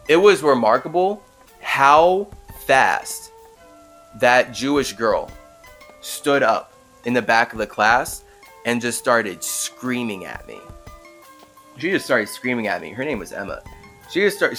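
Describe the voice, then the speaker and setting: Rambling man, mid-pitched podcast host. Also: expressive, slow pace, pauses often, a bit bright, faint music behind. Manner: rambling, full of "like" fillers, storytelling. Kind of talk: casual podcast monologue.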